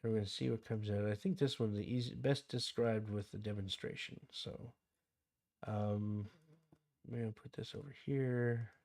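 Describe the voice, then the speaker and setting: A man's voice: on the low side, steady tone, normal speed, creaky, a little mellow. Rambling Canadian man streaming a game. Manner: rambling, digresses into anecdotes, reads chat aloud. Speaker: livestream host. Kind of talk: casual livestream chat about a game.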